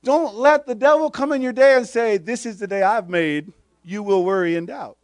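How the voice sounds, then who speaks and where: A man's voice: high voice, moderate pace, no echo. A man preaching a sermon, quoting old-fashioned scripture and firing short questions at the congregation.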